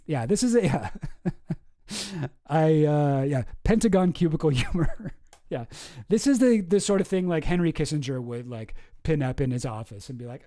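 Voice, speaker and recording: A man's voice: a little high, expressive, moderate pace, long pauses, warm tone. A man hosting a casual commentary video, rambling and sarcastic, chuckling at his own jokes. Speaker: host.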